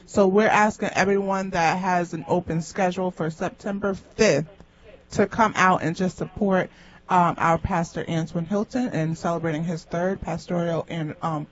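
Radio co-host reading church announcements. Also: mid-range voice. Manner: careful reading with small hesitations. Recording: dull lo-fi radio broadcast.

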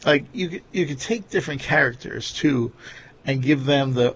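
A man's voice: mid-range voice, steady tone, normal speed, slightly rough, highs cut off. A man with a Long Island New York accent, hosting a casual chat and rambling with lots of fillers. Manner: rambling, many fillers like "you know" and "like".

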